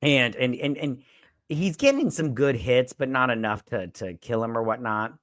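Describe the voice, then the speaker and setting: A man's voice: mid-range voice, animated, normal speed, a bit bright, dry recording, clean studio sound. A man casually recapping a movie plot, rambling and profane and tacking on "and everything.". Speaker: podcast guest reviewer.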